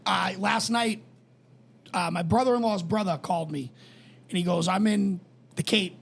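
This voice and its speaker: Gravelly high-voiced storyteller. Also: male voice, moderate pace, a little hiss or hum. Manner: animated storyteller, swears freely. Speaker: podcast co-host. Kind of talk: casual chat.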